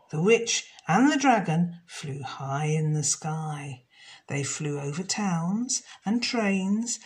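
Slow, lively children's storyteller woman. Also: fairly low pitch. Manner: slow, expressive and lilting.

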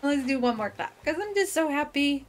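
A woman hosting a let's play, chatting to her viewers in an excitable, bubbly way. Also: high voice, fairly quick. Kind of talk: cheerful gameplay commentary.

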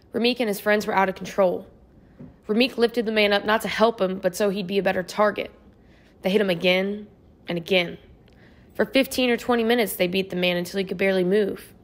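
Reading scripted audiobook narration, a woman keeps a steady, measured storytelling pace in her mid-range voice.

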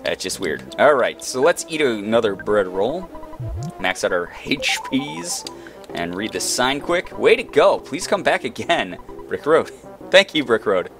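A man narrating his playthrough in a loose, jokey way, his pitch swinging up and down with lively energy. He talks straight to the game characters as if they were friends. Soft music plays faintly underneath. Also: a little slow. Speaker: let's play gamer. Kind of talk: casual game commentary.

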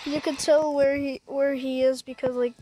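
A woman giving casual, excitable commentary while playing a scary game, gasping and jumping at every scare. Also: sits high, moderate pace, background noise. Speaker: gaming streamer.

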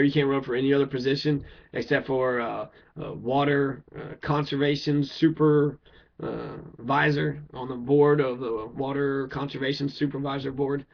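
Heated man ranting, lo-fi. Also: mid-range voice. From Kentucky. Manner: blunt, heated, swearing, rhetorical questions. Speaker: political speaker. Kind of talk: profane political rant. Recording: dull lo-fi recording.

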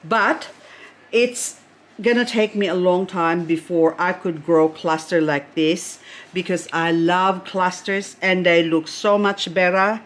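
A woman's voice: fairly low pitch, steady tone, slow pace. A middle-aged woman chatting casually as she unboxes succulents, gushing over each plant with chatty asides.

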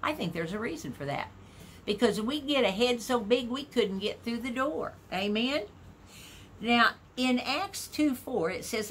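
A woman preaching a sermon in a folksy, animated way, putting questions to the congregation. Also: a little high, a little hiss or hum.

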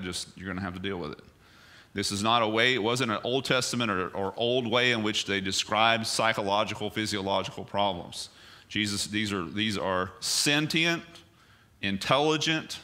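Male pastor, church sermon, loose conversational delivery full of rhetorical questions, bright forceful tone. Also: fairly low pitch.

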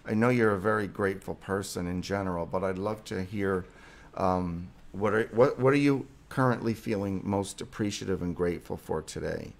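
A man's voice: sits low, moderate pace, vocal fry. Effusive male psychologist hosting a live stream. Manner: warm, effusive, reads viewer comments aloud. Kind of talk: live-stream chat with viewers.

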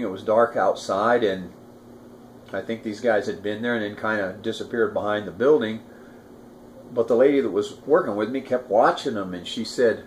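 An older man in his sixties with a fairly low voice tells a personal story in a loose, conversational way. He wanders into asides and restarts his sentences often. Faint room ambience sits behind him. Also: slight background noise. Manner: rambling, with many restarts and asides. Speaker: storyteller recalling a past crime. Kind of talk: casual first-person recollection.

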